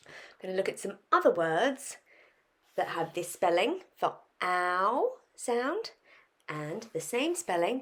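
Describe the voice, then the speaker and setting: A primary school teacher gives a phonics lesson to young children, sounding out words and posing questions. Her voice is fairly low, and there's a slight hiss or hum on the recording.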